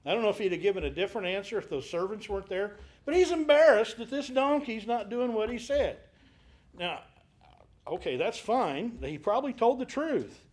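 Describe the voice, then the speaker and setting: A man with a notably high voice leads a Bible study group. He talks through scripture like a story, stops to ask the class rhetorical questions, and brightens his voice when quoting the characters. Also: expressive, normal speed.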